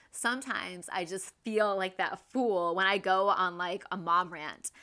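A woman in her thirties hosting a casual, faith-based parenting talk, earnest and quick to act out her own everyday examples. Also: medium pitch, fairly even intonation, bright, forceful tone. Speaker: podcast host and mother.

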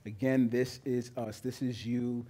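A male pastor preaching a sermon with emphatic delivery that builds to loud, high peaks. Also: flat delivery, measured pace.

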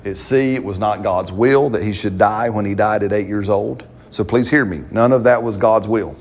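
A man's voice: fairly low pitch, moderate pace. A man, preaching a sermon as pastor, talking to the congregation in a conversational way and often checking in with "right?".

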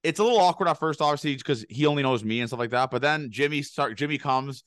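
A man's voice: mid-range voice, fairly bright tone, clean tone, no room sound, clean studio sound. A young man telling a rambling, laughing story on a casual podcast. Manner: rapid rambling anecdotes, laughing, swearing. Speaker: podcast co-host.

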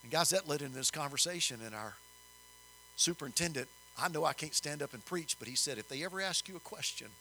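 An older man telling a story in a sermon, folksy and animated, rising in emphasis. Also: a little high, fast, slight background noise, poor audio. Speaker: preacher.

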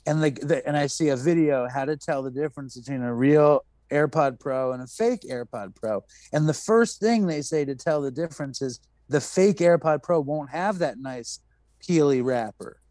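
A man from New York City, voice a little high and pace moderate, hosts a podcast in a dry recording. Casually recounting a story, he animatedly performs the quotes of the people involved and swears freely.

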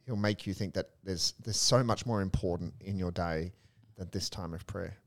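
A young adult male priest in casual faith discussion, earnest and animated, telling stories with a touch of humor. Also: sits low, moderate pace. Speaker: Catholic priest, co-host.

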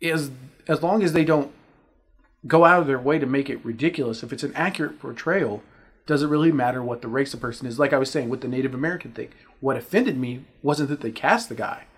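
A man's voice: mid-range voice, husky. A man hosting a casual podcast panel, opinionated and emphatic, often cutting in to make his point. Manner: opinionated, emphatic, quick to interject. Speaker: podcast host.

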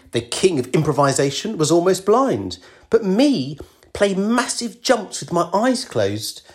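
A woman's voice: deep voice, a little mellow. A middle-aged woman hosting a scripted podcast, self-deprecating and prone to mock alarm. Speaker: podcast host.

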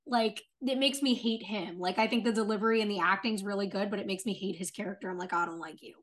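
A woman's voice: medium pitch, fairly even intonation, fast. A young woman with a mid-range voice chats on a podcast. She is eager and opinionated and leans on "like" as she talks. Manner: enthusiastic, opinionated, leans on 'like'. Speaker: podcast co-host. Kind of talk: casual chat.

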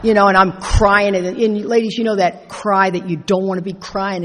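A middle-aged woman telling a personal story as a speaker at a recovery convention, animated and laughing as she acts out her own lines. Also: medium pitch, normal speed. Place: large convention hall. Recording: echoey hall reverb.

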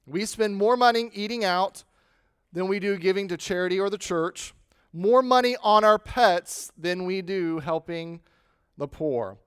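A man preaching a sermon, leaning hard into key phrases and then dropping to a hush. His fairly high voice is smooth and clear. The recording is dry and close. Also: a little slow, no room sound. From United States. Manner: emphatic, swings between loud stress and quiet endings. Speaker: pastor.

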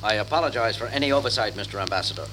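A man's voice: fairly low pitch, racing, noisy background, natural voice. A man playing an earnest, courteous male starship captain who narrates log entries and talks with guests. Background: music.

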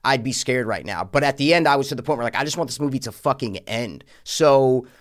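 A man casually reviewing a horror movie on a podcast, ranting and swearing, acting out scenes. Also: quick pace. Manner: ranting, profane, acts out scenes in high voices. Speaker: podcast co-host.

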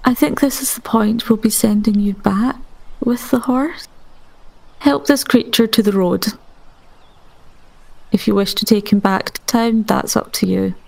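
A woman playing a tabletop role-playing game, speaking in a calm, firm, measured way. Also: fairly high pitch, vocal fry, low-quality recording. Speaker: player.

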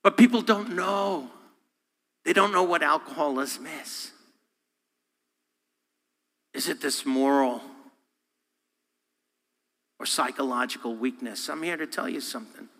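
A man's voice: a little high, unhurried, gravelly, pauses often. Man preaching in a reverberant church. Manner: animated, acts out voices and quotes; humorous, self-deprecating. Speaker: guest speaker. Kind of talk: sermon. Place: church sanctuary. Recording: long hall reverb.

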